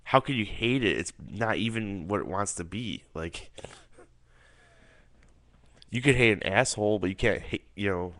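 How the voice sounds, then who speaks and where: Rambling, cursing man, low and dry. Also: animated, moderate pace, pauses often, fairly bright tone, no echo. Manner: rambling, profane, filler-heavy. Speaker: amateur film reviewer. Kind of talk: casual monologue review.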